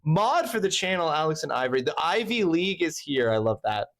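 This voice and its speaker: A man's voice: a little high, big pitch swings, a little fast, fairly bright tone. A man hosting a livestream panel, laughing often and restarting his sentences in casual chat. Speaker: stream host.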